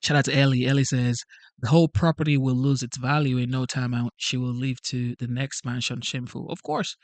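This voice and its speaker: A man hosting a live stream, talking in an animated, repetitive way, asking rhetorical questions and reading out chat messages. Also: medium pitch, fairly quick, no echo. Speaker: channel host.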